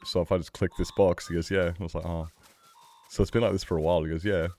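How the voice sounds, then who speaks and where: A man's voice: low-pitched, steady tone, racing, darkish tone, faint music behind. A man streaming a game, rambling in casual chat with his viewers, swearing freely and laughing often.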